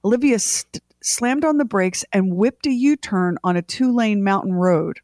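A middle-aged woman co-hosting a morning radio show, telling a family story in a lively way and acting out everyone's lines. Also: mid-range voice, normal speed, no echo, clean studio sound.

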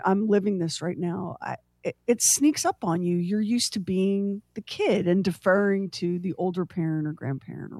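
A woman's voice: on the low side, no room sound, clean studio sound. Chatty woman host. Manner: chatty, joking, animated. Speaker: radio show host. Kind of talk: casual chat.

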